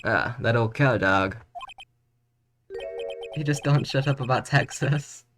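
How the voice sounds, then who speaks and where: Jake Marshall, a man putting on a slow cowboy drawl. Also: medium pitch, a bit bright. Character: drawling Texan cowboy patrolman, gloomy and laid-back. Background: game music.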